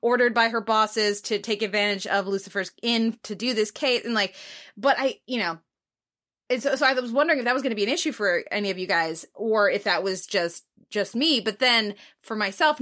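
A woman's voice: mid-range voice, pushed and bright. A woman hosting a casual podcast discussion, talking in long rambling turns with many restarts. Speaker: podcast host. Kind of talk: casual chat.

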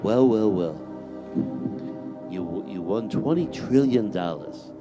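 A man's voice: fairly low pitch, lively intonation, highs cut off, music in the background. A man doing a folksy old game show host. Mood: genial. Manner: slow, genial host patter with drawn-out wells.

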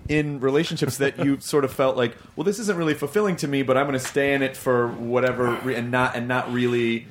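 A man's voice: mid-range voice, a little fast. Guy hosting a podcast, earnest and pumped, slight background hiss. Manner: earnest, enthusiastic, acts out quotes. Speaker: podcast host. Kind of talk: casual interview chat.

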